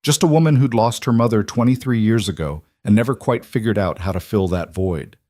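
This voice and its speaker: A man reading a scripted story in an even, measured way. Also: fairly low pitch, no echo. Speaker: narrator. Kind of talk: scripted narration.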